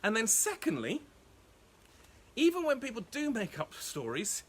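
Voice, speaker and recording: A man preaching as a pastor, telling a Bible story in a playful, animated way with frequent laughs. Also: very high-pitched, a little slow, slight background noise. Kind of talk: lively Bible storytelling sermon.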